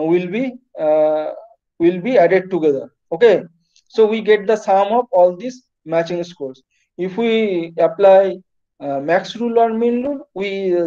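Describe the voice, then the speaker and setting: A man lectures over a video call, pausing on fillers and breaking off his words. His voice sits high and mellow. The call audio is dull and lo-fi. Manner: halting, many fillers and restarts. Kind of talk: online class lecture.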